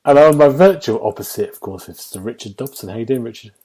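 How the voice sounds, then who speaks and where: A man's voice: mid-range voice, expressive, fast talker, dark tone, slight background noise. A man hosting a casual gaming podcast, introducing guests and teasing them with jokes. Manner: jokey, teasing banter. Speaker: podcast host.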